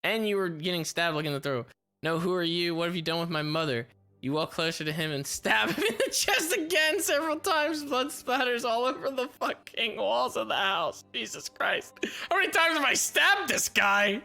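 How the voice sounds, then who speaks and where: Giggly, bright-voiced woman streamer. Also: on the high side, lively intonation, moderate pace, creaky, faint music behind. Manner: giggly, swears a lot, incredulous reactions. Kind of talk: reading a text adventure aloud with live commentary.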